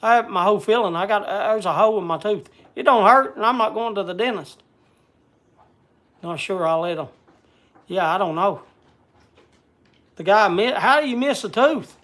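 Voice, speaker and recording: A man's voice: high-pitched, moderate pace, long pauses, fairly bright tone. Brief: man, folksy livestream rambler, loses his words. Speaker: vlogger. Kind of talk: casual livestream chat.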